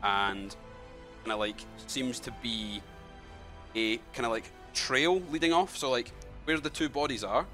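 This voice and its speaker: Rambling game master, bright voice. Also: male voice, medium pitch, measured pace, faint music behind. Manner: rambling, heavy use of fillers like "kinda" and "like". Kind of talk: improvised narration of a tabletop game.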